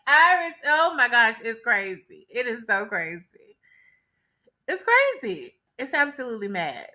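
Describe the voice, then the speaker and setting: A woman's voice: fairly high pitch, big pitch swings, a little slow, pushed and bright. A woman co-hosting a casual recap chat, talking animatedly with frequent laughter and acting out quoted dialogue. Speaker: co-host.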